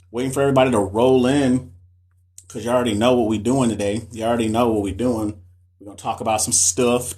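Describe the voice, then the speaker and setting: A man who is a nurse educator, chatting casually with viewers on a live stream, loose and slangy, often repeating himself. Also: lowish voice. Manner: loose, slangy, repeats phrases, talks straight to chat. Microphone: phone or webcam for a live stream.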